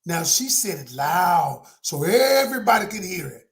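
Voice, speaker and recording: Male relationship coach, animated and emphatic, motivational storyteller. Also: high voice, moderate pace, gravelly. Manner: emphatic, dramatic storyteller who addresses the audience directly. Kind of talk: motivational talk with personal story.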